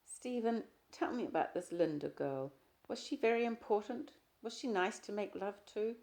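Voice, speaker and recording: A woman's voice: medium pitch, normal speed, darkish tone, voice pushed up, lightly acted. A woman reading the lines of an insecure, jealous young woman in an audiobook, asking pleading, needling questions. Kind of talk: audiobook character dialogue.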